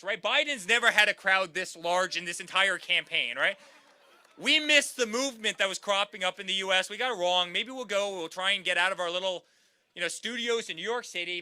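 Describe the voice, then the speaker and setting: A man's voice: high-pitched, fairly quick, sharp tone. A man in his thirties giving a campaign rally speech, repeating lines and calling the crowd "guys". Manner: repetitive, rallying crowd, addresses them as guys. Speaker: campaign speaker.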